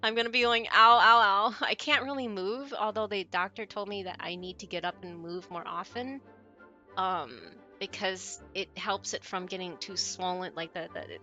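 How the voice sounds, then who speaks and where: A woman's voice: on the low side, pushed and bright. A woman streamer chatting casually with her viewers while she plays a game, giggling often and answering messages from chat.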